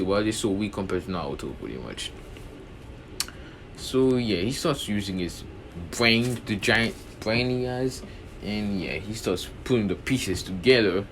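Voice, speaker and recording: A man's voice: on the low side, a little hiss or hum. A young man casually retelling a fan story, rambling with lots of fillers and correcting himself as he goes.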